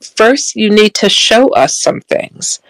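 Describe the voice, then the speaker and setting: A woman quoting a calm, friendly Jesus in her own gravelly voice while retelling a story. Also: mid-range voice, takes it slowly, no room sound, voice pushed up, low-quality recording.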